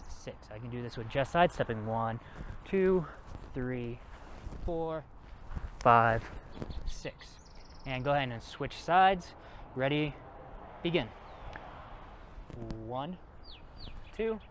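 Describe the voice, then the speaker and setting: A man's voice: mid-range voice, slight background noise. A man teaching a martial arts class, counting reps aloud and explaining moves in a casual coaching way. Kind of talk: workout class instruction.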